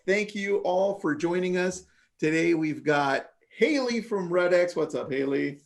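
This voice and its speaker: A man's voice: sits high, measured pace, creaky. A man hosting a casual livestream interview, upbeat and enthusiastic, calling his guest "dude". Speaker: host.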